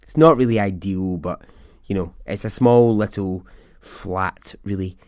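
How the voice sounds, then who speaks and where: A man with a lowish voice tells a story for his podcast in a chatty, wry way, often laughing at his own asides. The sound is dry and close, with no room around it. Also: a little slow, darkish tone, dry recording. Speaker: podcast host. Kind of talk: casual storytelling.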